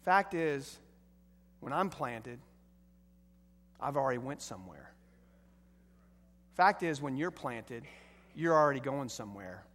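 A middle-aged man preaching a sermon as pastor, emphatic and building to loud bursts. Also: medium pitch, very animated, a little slow, pauses often, long reverb tail.

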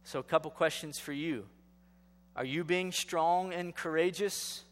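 A man's voice: a little high, measured pace, long reverb tail. A male pastor giving a sermon in a conversational style, asking rhetorical questions and building to emphatic exhortation.

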